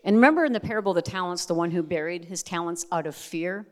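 A woman's voice: on the low side, fast, long reverb tail. A middle-aged woman giving a testimony sermon as a Christian speaker, talking candidly with chatty asides. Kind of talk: testimony sermon to a live audience.

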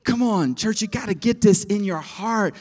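A man preaching a sermon at a conference, swinging from hushed lines to shouts and asking the crowd to raise hands. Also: high-pitched, moderate pace. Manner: talks with the crowd, asks for hands. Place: conference hall.

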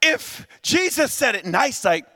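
A middle-aged man preaching a lively, humorous sermon, shouting at peaks and drawing the crowd to answer back. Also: very high voice, measured pace. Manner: animated, humorous, shouts at peaks, invites responses. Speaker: guest preacher.

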